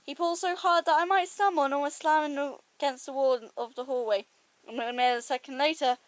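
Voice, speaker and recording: A woman's voice: high voice, dry recording. A woman reading her own sci-fi story aloud, chatty and self-deprecating, with a sore throat. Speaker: amateur audiobook reader.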